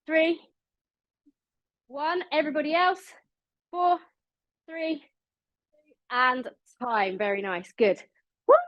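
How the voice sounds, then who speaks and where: A woman's voice: high voice, no echo, lo-fi sound. A British woman leading an online exercise class, counting down reps and cheering people on, a little out of breath. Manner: upbeat, encouraging, counts down reps. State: slightly out of breath. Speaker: fitness instructor.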